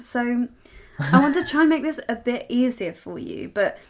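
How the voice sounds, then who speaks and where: A woman's voice: on the high side, sing-song, moderate pace. Chatty English woman, light RP accent. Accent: modern received pronunciation, English. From southwest England. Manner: chatty, laughs often, self-deprecating. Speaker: podcast co-host. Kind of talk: casual chat.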